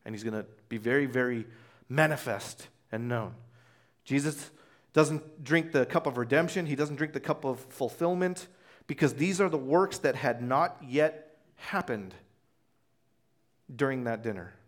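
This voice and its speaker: A man's voice: medium pitch, lively intonation, measured pace. A man preaching a conversational sermon as pastor, telling the story casually and acting out voices.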